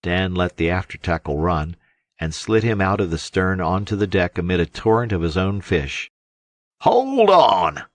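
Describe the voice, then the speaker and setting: Male audiobook narrator, deep voice, dry close sound, steady storytelling. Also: normal speed, no room sound. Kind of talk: scripted narration.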